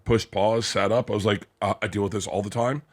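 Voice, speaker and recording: A man hosting a podcast, telling animated stories with plenty of swearing and acted-out quotes. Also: fairly low pitch, a little fast. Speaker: podcast host. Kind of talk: casual podcast chat.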